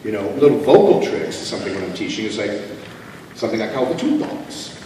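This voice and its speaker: A man speaking as a guest on a convention panel, answering audience questions in an animated, joking way. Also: fairly low pitch. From Canada. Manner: animated, joking, quick asides. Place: large convention hall. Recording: echoey hall from far off with ambient noise.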